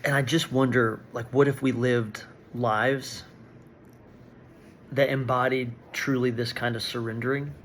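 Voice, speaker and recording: A man's voice: mid-range voice, steady tone, measured pace, a little hiss or hum. A man giving an earnest, reflective daily devotional talk and reading scripture aloud. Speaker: devotional speaker.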